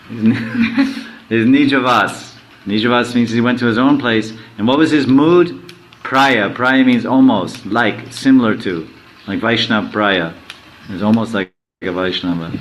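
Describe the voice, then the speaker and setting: A man teaching a sermon, quizzing his listeners and reciting verses slowly. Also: medium pitch, fairly bright tone, a little hiss or hum, rough recording. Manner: asks the audience questions, slowly recites verses. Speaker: spiritual teacher.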